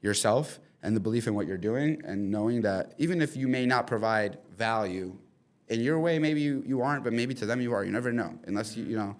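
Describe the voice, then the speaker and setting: A young man in his twenties, a podcast guest, chatting casually and telling an animated story full of fillers. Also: mid-range voice, fairly quick. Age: 20s. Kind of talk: casual chat. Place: studio in the city.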